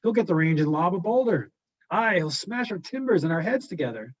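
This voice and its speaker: A man's voice: sits high, animated, brisk, pitched above the performer's own voice. A man voicing frightened male sailors urgently protesting to their captain. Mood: pleading. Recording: dull lo-fi recording.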